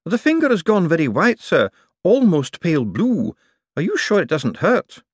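A man reading an audiobook, voicing a nervous male secretary who talks in an anxious, panicky way, pitched well above his own voice. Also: wildly swooping pitch, normal speed, husky, no echo, clean studio sound, full character voice. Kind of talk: audiobook character voice.

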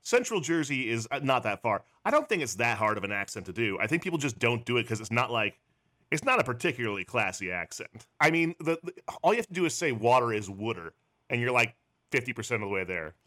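A man's voice: mid-range voice, very animated, quick pace, pushed and bright. A man co-hosting a podcast in casual chat, playful and jokey, slipping into silly sung bits. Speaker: podcast co-host.

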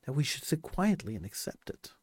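Guy ranting solo to the camera, lively rising-and-falling voice, dry close sound. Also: medium pitch, brisk, husky, dry recording. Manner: impassioned, repetitive rhetorical questions. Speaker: commentator. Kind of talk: monologue commentary.

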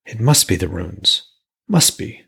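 An eager, reassuring smith speaks with a gravelly, husky low voice, put on by a male narrator. The storybook figure sounds lively and keen. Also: a little slow, full character voice. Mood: musing.

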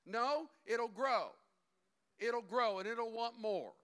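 A male pastor preaching an animated sermon, acting out the voices of figures as he goes. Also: extremely high pitch, slow pace, clear, resonant tone.

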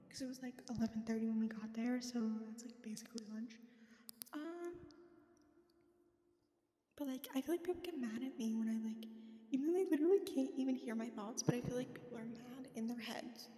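A woman's voice: fairly high pitch, warm tone, echoey room, long reverb tail. A woman chatting casually into her phone while lying in bed, rambling and swearing, often dropping to a whisper. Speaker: podcast host.

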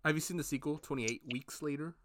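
A man co-hosting a casual podcast, chatting in a relaxed, agreeable way and often saying "alrighty.". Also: fairly high pitch, fast, a little hiss or hum. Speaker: podcast co-host. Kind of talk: casual chat.

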